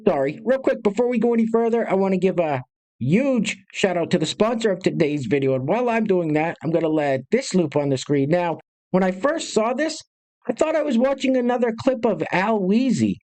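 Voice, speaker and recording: Host: a man, brisk and sarcastic, casual commentary to camera. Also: high voice, sing-song, darkish tone. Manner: brisk, sarcastic, addresses viewers directly.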